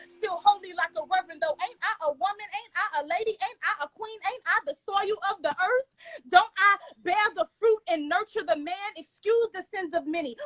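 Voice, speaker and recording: A woman's voice: extremely high pitch, fairly bright tone, poor audio. A woman poet performing spoken word in a rhythmic, declamatory, intense delivery with a Southern American accent.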